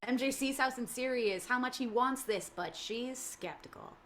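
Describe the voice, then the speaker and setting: A woman's voice: high voice, a bit bright, a little hiss or hum. Woman reading script stage directions. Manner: brisk, matter-of-fact reading. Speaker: narrator reading action description. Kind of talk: script read-aloud narration.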